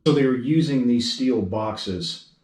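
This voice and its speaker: A man's voice: medium pitch, measured pace, a little mellow. A man interviewing witnesses with probing, leading questions, recorded in an echoey room from a distance.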